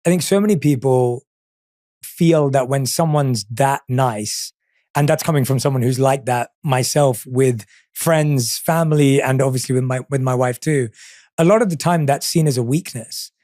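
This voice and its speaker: A man's voice: mid-range voice, moderate pace, a little mellow, no echo, clean studio sound. A man hosting a podcast, asking earnest, reflective questions. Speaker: podcast host. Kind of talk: interviewing.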